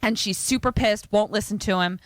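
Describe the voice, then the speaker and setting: A woman podcast co-host casually retelling a horror film plot, animated and swearing freely. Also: mid-range voice, brisk, dry recording. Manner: animated, swearing, lots of fillers.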